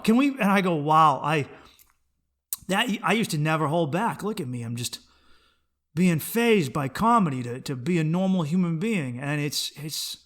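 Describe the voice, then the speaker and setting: This is a man with a high, bright-pitched voice, running his own podcast as a comedian. He talks in a rambling, profane comic monologue, dropping into low mutters and then jumping up into excited bursts. He often stumbles and repeats words as he restarts a thought.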